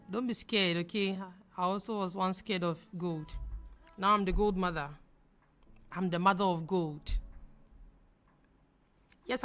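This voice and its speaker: A young woman from Ghana hosting a live trading stream, talking fast as she reads viewer comments aloud and answers them. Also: mid-range voice, a bit bright. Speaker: forex trading livestream host. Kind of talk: casual livestream chat reading viewer comments.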